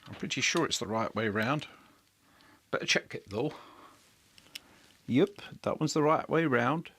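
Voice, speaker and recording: A man talking half to himself at an electronics workbench, mid-pitched and unhurried. He mutters as he checks parts and searches for things, with a wry, self-deprecating edge. It sounds like a live build stream with thinking aloud. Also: animated, fairly bright tone. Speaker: electronics hobbyist host.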